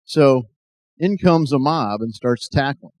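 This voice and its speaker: A man's voice: medium pitch, animated, slow, darkish tone, no room sound. Earnest man giving a testimony speech. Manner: earnest, builds to emphatic exhortation. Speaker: speaker.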